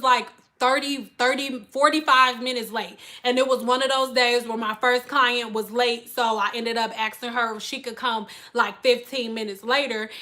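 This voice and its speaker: A woman hairstylist with a high, bright voice talks to her live-stream viewers. She speaks bluntly and emphatically in a casual chat. She slips into exaggerated voices when she quotes her customers. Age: adult with school-age children.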